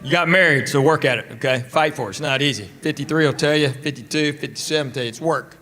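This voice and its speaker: A man's voice: a little high, fast. A man doing stand-up comedy and crowd work, with a dry, mock-insulting way of teasing the audience. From Tennessee. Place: live comedy stage. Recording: loud background noise on stage.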